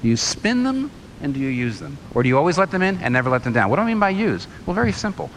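A man's voice: on the high side, big pitch swings, fast talker, a little hiss or hum, poor audio. A man preaching a sermon, firing rhetorical questions and telling a story.

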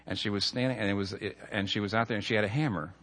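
A fairly low-voiced man delivers a sermon with earnest conviction, leaning into his points with emphasis. His voice rings out in a hall with a long, lingering reverb. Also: fairly even intonation, very fast, a bit bright. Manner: earnest, builds to emphatic points, tells stories. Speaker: pastor.

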